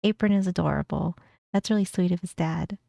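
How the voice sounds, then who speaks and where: A woman's voice: on the low side, brisk, vocal fry, dark tone, no room sound. A woman chatting casually as a VTuber reacting to a video, giggly and prone to repeating her words.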